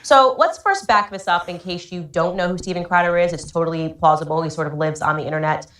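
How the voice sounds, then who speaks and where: A woman's voice: lowish voice, fast, a bit bright. A woman political commentator addressing her audience in a firm, pointed, indignant tone. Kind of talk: scripted online commentary. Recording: roomy echo.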